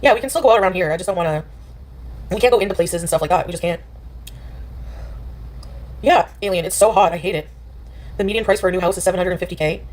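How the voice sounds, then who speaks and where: A woman's voice: fairly low pitch, fast talker, long pauses, darkish tone. A woman chatting casually on a livestream, dismissive and rambling, full of filler "like"s. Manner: dismissive, rambling, many likes.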